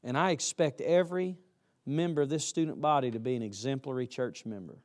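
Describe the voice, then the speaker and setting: A man's voice: mid-range voice, brisk, darkish tone. A man preaching a chapel sermon to college students in a folksy, emphatic way, acting out what students say.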